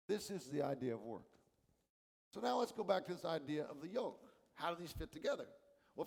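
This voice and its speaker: Pastor guy preaching, pretty high voice, earnest and emphatic, long church echo. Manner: earnest, emphatic preaching with dramatic shifts in loudness. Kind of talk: sermon. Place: church sanctuary.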